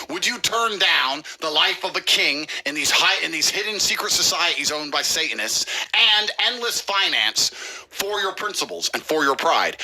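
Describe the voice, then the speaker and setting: A man's voice: on the high side, sharp tone, low-quality recording. A man co-hosting a comedy podcast, ranting in a mock-serious, sweary way. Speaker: podcast co-host.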